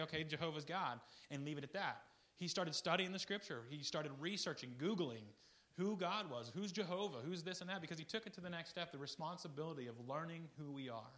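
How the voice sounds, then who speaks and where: Male guest preacher, bright and a little high-pitched, conversational and rambling, with big swings between hushed asides and excited outbursts. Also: fast. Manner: swings between loud, excited bursts and quiet, low asides. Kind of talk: informal sermon.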